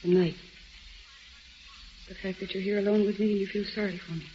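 An actress playing a weary, guarded woman waiting up for her drunk husband, soft-spoken and restrained, in a 1940s radio play, from a dull old recording with faint hiss. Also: medium pitch, fairly even intonation, a little fast, natural voice.

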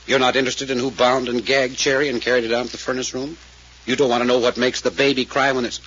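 A man playing a brisk, probing investigator. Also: mid-range voice, level tone, a bit bright, lightly acted. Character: brisk male investigator questioning witnesses. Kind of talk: 1940s radio acting. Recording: lo-fi old radio recording with faint hiss.

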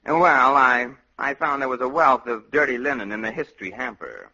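A man voicing a smug, blunt scandal researcher with a husky voice, in a 1950s radio comedy style. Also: medium pitch, lively intonation, moderate pace, bright, forceful tone, exaggerated voice. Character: sleazy middle-aged male scandal researcher, smug and blunt. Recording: dull lo-fi old radio recording.

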